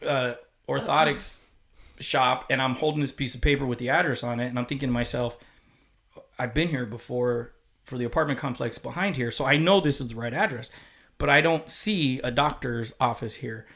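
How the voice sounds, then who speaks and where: Podcast guest, male, mid-pitched voice, candid and profane, acts out the voices of people in his story. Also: normal speed, fairly bright tone. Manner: candid and profane, acting out quoted dialogue. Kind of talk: casual storytelling chat.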